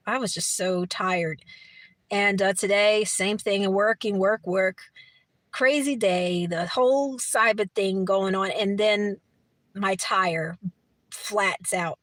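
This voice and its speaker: A middle-aged woman from Brooklyn, New York City, with a New York accent, hosts a livestream and reads chat in a casual talk. Her mid-range, fairly bright voice is unhurried; she rambles, restarts, and laughs often, and there's no echo.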